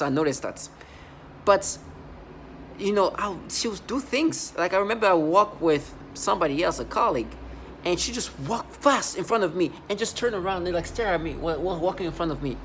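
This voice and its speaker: Accented male vlogger, slightly high-pitched, emphatic rambling monologue, faint background noise. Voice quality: speaks with an accent. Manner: emphatic, repetitive storytelling with many restarts. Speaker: vlogger describing his workplace experiences.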